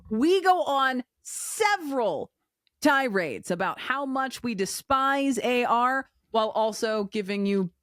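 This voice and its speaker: A woman in her forties co-hosting a podcast, telling stories in a candid, animated way with quoted dialogue. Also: a little high, takes it slowly, no room sound, clean studio sound. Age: 40s. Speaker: podcast co-host. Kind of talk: casual chat.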